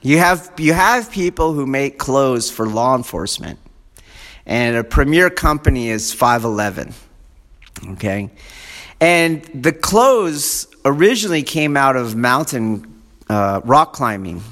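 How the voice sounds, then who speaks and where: A man who sounds like a martial arts instructor, giving a rambling casual lecture. He digresses often, keeps checking in with his listeners, and gets animated when he acts out fan excitement. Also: medium pitch, a little slow. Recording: long reverb of a large hall.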